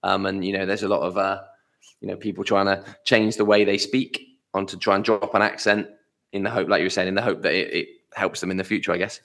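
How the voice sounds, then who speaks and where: A man's voice: sits low, little pitch movement, quick pace, creaky, a bit bright. A man co-hosting a podcast, chatting casually and with amusement, trailing off with fillers. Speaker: podcast co-host. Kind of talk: casual chat.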